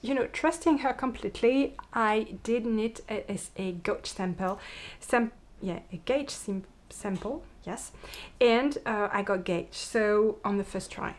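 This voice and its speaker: A woman's voice: medium pitch, measured pace. A woman with a French accent, a native French speaker, hosting a knitting podcast in a casual, chatty way and often restarting words and correcting herself. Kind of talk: casual chat.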